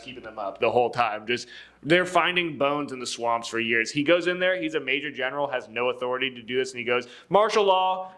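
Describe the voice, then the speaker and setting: A man's voice: mid-range voice, sharp tone. A young man co-hosting a podcast, telling history in a loose, profane way, acting out quotes in jokey voices and laughing often. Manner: laughs often, many fillers and restarts. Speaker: podcast co-host. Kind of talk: casual history storytelling.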